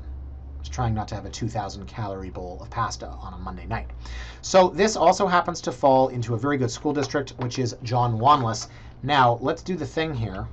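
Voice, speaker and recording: A man's voice: medium pitch, highs cut off, slight background noise. A man, a realtor chatting casually through property listings and thinking aloud with joking asides. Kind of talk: casual screen-share vlog commentary. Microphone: computer mic.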